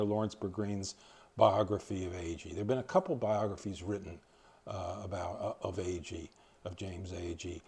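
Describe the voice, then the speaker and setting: A man's voice: fairly low pitch, darkish tone, husky. An older man from East Tennessee giving an informal library talk, rambling and hesitant with many fillers and restarts. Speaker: library lecturer.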